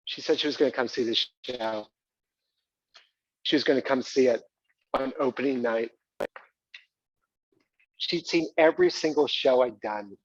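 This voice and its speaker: A man's voice: medium pitch, unhurried, pauses often, no room sound, dull audio. A man performing an autobiographical stage monologue, hesitant and full of fillers.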